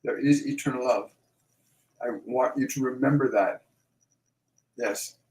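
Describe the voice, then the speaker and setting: A man hosting a live Q&A as a medium, relaying messages and repeating phrases slowly and emphatically. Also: mid-range voice, a little mellow, echoey room, rough recording. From Canada.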